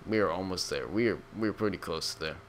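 A man's voice: deep voice, brisk, a little hiss or hum. A young man giving casual, joking gameplay commentary as a gaming YouTuber, rambling and slangy.

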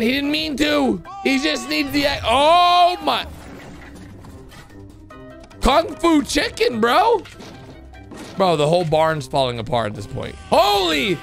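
A young man doing excitable reaction commentary as a channel host, his voice sitting high and swinging wildly between shouts and mutters. He exclaims constantly and talks straight to his viewers, with faint music playing underneath. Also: slow pace, creaky, long pauses. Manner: animated, exclaiming, calls viewers bro.

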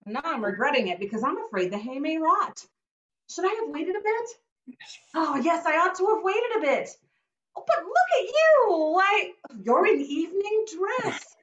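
A woman playing a chatty, bright country daughter. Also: extremely high pitch, sing-song, moderate pace, echoey room, muffled recording, heavily acted. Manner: chatty, bustling. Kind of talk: amateur stage acting over video.

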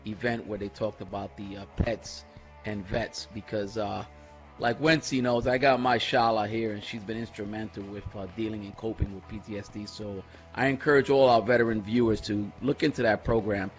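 A man's voice: lowish voice, fairly even intonation, moderate pace, lo-fi sound, faint music behind. A man speaking on a radio roundtable, earnest and hesitant as he encourages other listeners. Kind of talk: casual roundtable radio chat.

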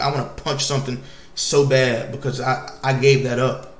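A man casually commenting while playing a video game, slangy and animated, with sudden loud outbursts. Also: mid-range voice, normal speed, reverberant, slight background noise. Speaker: gaming YouTuber.

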